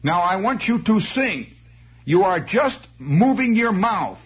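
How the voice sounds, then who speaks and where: A man voicing a fussy, bossy female singing teacher who talks in slow, drawn-out, sing-song commands. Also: high voice, very animated, breathy edge, pitched above the performer's own voice, full character voice. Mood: scolding. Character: prim fussy female schoolteacher, middle-aged, bossy. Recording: dull lo-fi recording.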